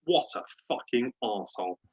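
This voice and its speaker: A man's voice: medium pitch, animated, a little fast. A man hosting a sports podcast, ranting and swearing at a refereeing decision in casual chat. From Britain. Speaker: podcast host. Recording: dull lo-fi podcast audio.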